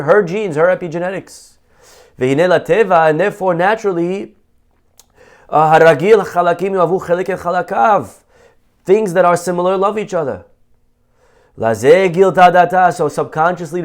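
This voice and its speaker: A man's voice: high voice, lively intonation, normal speed, a little mellow. A man, a rabbi, giving a conversational Torah class, asking rhetorical questions and quoting Hebrew texts. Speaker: rabbi teaching.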